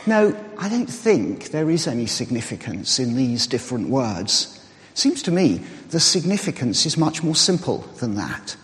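A man preaching a sermon, explaining in a measured way and reasoning aloud. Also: mid-range voice, very animated, a bit bright. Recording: reverberant hall.

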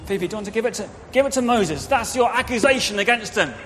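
Male preacher, high lively voice, children's talk, reverberant church. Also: fast, slight background noise. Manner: animated, directs children, acts out quotes. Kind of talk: interactive children's sermon. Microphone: microphone. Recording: reverberant hall, faint ambience.

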